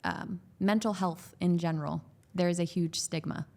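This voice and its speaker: A woman's voice: lowish voice, fairly even intonation, normal speed, gravelly, darkish tone. A woman who works as a growth coach and is a parent of young children. She talks about parenting as a podcast guest, in an earnest, loose way with many "like"s and restarts.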